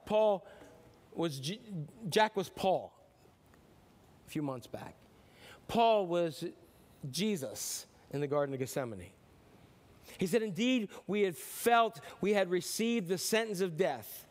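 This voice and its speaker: A man's voice: high-pitched, lively intonation, takes it slowly, long pauses, a little mellow. A middle-aged man preaching a sermon in a conversational way, often restarting sentences and acting out short voices in his stories. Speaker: pastor.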